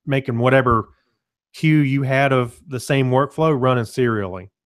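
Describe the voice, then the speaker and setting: A man talks through a software demo in a relaxed, conversational way, often restarting his sentences. He keeps clearing his throat as he goes. His voice sits at an ordinary middle pitch for a man, heard through a computer mic on a web call. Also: moderate pace. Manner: relaxed, loose, self-correcting explanations. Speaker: presenter. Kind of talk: casual software demo webinar.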